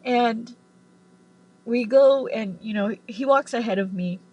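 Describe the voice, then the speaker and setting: Husky woman telling a rambling story. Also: on the high side, takes it slowly, dark tone, rough recording. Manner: rambling, full of "like", swearing. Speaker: tarot reader. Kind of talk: casual storytelling to camera.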